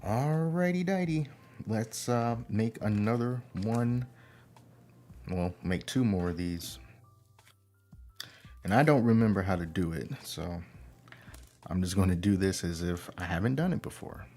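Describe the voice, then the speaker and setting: A man with a fairly low voice talks in a slow, unhurried way, thinking aloud and humming little tunes as he works through a build at home. Faint music plays behind him. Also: warm tone. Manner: unhurried, thinks aloud, hums to himself while working. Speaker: livestream host building a model kit. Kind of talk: casual livestream chat. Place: indoor home room.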